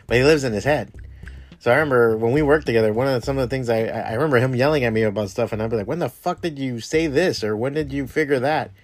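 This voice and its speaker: Brief: male host, casual motivational rant, profane and rambling, mid-pitched, faint guitar underneath. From Cuban family roots. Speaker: podcast host giving a pep talk.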